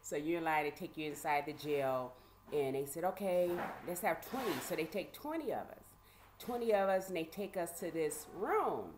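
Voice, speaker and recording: A woman vlogger casually telling a personal story, animated and conversational with lots of fillers. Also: sits low, moderate pace, background noise.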